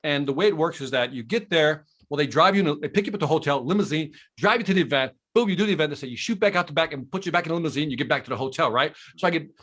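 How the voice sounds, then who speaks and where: A man telling a story as a guest on a podcast, animated and enthusiastic, in casual conversation. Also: fairly high pitch. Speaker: podcast guest, sales trainer.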